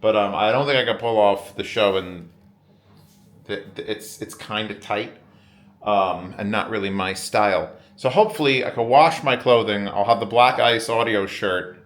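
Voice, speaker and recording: A man's voice: on the low side, moderate pace. A man hosting a casual vlog from a hotel room, rambling wryly and swearing often. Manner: rambling, profane and wry. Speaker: vlogger host.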